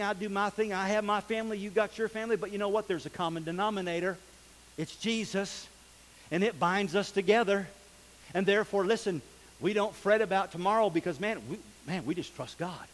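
High-voiced, animated male preacher. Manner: folksy, animated preaching with shouts and laughs. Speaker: pastor. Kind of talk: sermon. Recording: long hall reverb.

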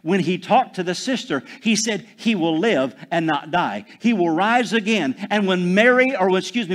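A man preaching a sermon, swinging between loud proclamations and hushed, drawn-out phrases, calling out to the congregation for responses. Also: high voice, expressive. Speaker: pastor.

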